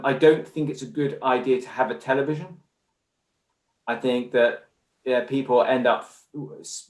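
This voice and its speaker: A man's voice: mid-range voice, a little mellow. A man with an English accent, a guest in a conversational interview, talking in an earnest, discursive way. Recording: roomy echo.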